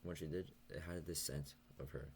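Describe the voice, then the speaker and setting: A young man talking softly and hesitantly in a late-night confessional vlog, stuttering and pausing as he goes. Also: very deep voice, fairly even intonation, vocal fry, a little hiss or hum. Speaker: vlogger.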